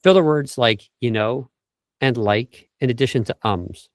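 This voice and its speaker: A man's voice: medium pitch, unhurried, dry recording, studio quality. A man working as a vocal coach, explaining tips step by step in an interview over a video call and briefly demonstrating speech habits.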